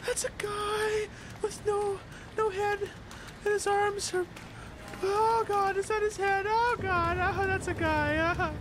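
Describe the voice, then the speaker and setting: A woman's voice: very high voice, fairly even intonation, takes it slowly. A woman playing a horror game, who shrieks, mutters nervously and cracks sarcastic jokes as she goes. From Canada. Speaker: let's play gamer. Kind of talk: horror game reaction commentary. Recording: loud background noise and game sound.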